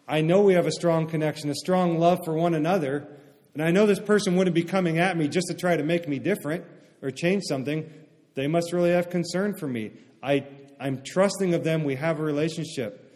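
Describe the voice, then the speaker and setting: In a relaxed, conversational sermon, a man with a slightly high voice for a man keeps stopping to ask his congregation "right?". His words echo through a long hall reverb.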